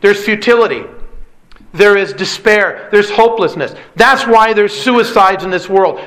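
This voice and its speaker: A man's voice: high-pitched, measured pace, fairly bright tone, low-quality recording. A man preaching a sermon with an emphatic, repetitive cadence. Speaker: pastor.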